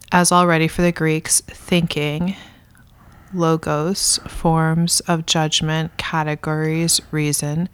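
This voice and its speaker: A woman reading a dense philosophy text aloud in a measured, deliberate way. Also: deep voice, clear, resonant tone. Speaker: reader in a philosophy reading discussion.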